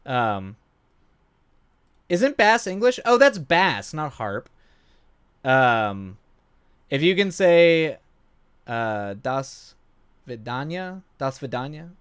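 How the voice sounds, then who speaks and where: A man's voice: on the high side, big pitch swings, drawn-out words, pauses often, fairly bright tone, clear, resonant tone. A man in his thirties chatting casually with his viewers while gaming at home at night, rambling and self-deprecating, with lots of fillers and idle humming. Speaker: livestream gamer.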